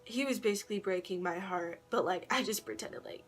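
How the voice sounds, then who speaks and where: A woman's voice: mid-range voice, fairly quick, soft background music. A woman vlogging at home, casually telling a personal story, full of slang, swearing and laughter.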